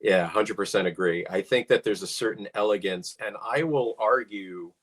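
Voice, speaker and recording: A man's voice: on the low side, normal speed. A middle-aged man co-hosting a casual car chat, musing with dry humor. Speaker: podcast co-host.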